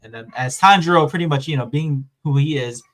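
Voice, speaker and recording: Recapping an anime season on his podcast, a man rambles casually with plenty of fillers and acted-out quotes. His voice is a little high and fairly bright, and he speaks briskly.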